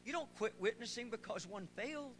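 A man preaching a sermon as pastor of a church, talking quietly at first and building up to shouting praise. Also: very high voice, lively intonation, brisk, slight background noise, low-quality recording. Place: church sanctuary.

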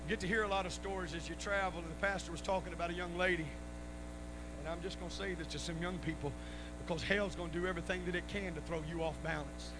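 A man preaching at a revival, telling stories and rising into shouted praise. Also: sits high, steady tone, quick pace. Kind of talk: sermon with stories. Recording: live church recording with noise and hum.

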